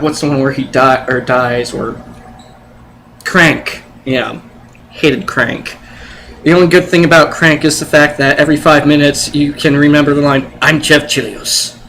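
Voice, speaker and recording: A man's voice: a little high, fairly bright tone, a little hiss or hum. A young adult man giving a casual movie review, sarcastic and rambling, with blunt swearing.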